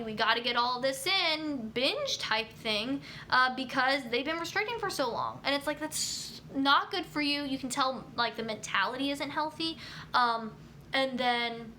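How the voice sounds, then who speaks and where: Bright-voiced woman chatting on a live stream. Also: on the high side, slight background noise. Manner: chatty, many fillers like um and you know. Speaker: nutrition YouTuber hosting a live stream. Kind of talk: casual live-stream chat reading comments.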